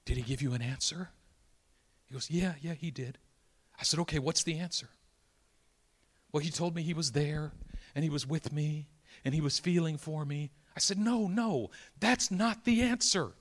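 A middle-aged man preaching a sermon through a personal story, swinging from loud exclamations to hushed near-whispers. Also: on the high side, fairly even intonation, moderate pace, pauses often.

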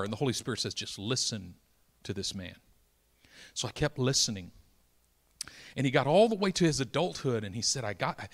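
Dramatic bright-voiced male preacher. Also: mid-range voice. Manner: dramatic, swings from loud exclamations to hushed near-whispers. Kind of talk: sermon storytelling.

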